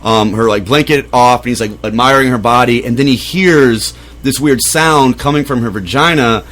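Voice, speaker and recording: A man's voice: medium pitch, normal speed, fairly bright tone. A man co-hosting a podcast, recapping a film in casual chat, rambling and swearing with lots of fillers. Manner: rambling, profane storytelling with many fillers. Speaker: podcast co-host.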